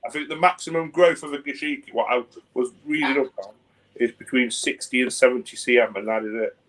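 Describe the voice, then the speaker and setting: A man in a casual chat, telling things in a relaxed way and repeating words. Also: medium pitch, fairly quick, poor audio.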